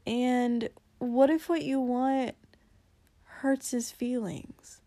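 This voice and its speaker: Woman playing a mild young man, soft-spoken, careful, hesitant, dry close recording. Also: fairly high pitch, steady tone, very slow, no room sound.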